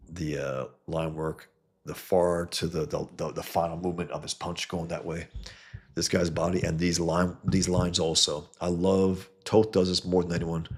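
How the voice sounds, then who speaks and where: Deep gravelly man enthusing over comics. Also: a bit bright. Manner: enthusiastic, repeats himself, restarts often. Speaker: comics artist host. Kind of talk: casual live-stream talk about comic art.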